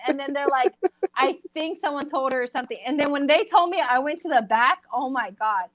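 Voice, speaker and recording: A woman co-hosting a casual podcast chat, telling an animated story and acting out the voices of the people in it. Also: sits high, a little fast, crowd noise. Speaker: podcast co-host.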